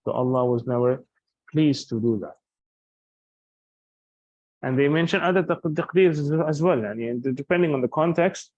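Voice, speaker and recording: A man's voice: medium pitch, normal speed, long pauses, a little mellow, dry recording, dull audio. A man teaching Arabic grammar in a lecture, explaining patiently and restating each point with examples.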